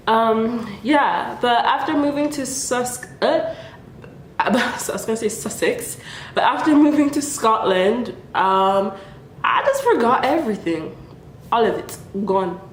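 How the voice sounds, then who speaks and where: A woman's voice: mid-range voice, reverberant, a little hiss or hum. A woman whose first language is Dutch, chatting casually with lots of ums and laughs, with a stuffy nose. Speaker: vlogger. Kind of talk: casual chat and poem reading.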